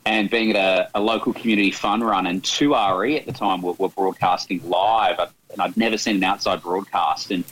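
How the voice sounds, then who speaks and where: A man's voice: low voice, fairly even intonation, moderate pace, few pauses, a bit bright, a little hiss or hum, low-quality recording. An Australian man from Australia, a radio guest reminiscing and thinking aloud in an interview.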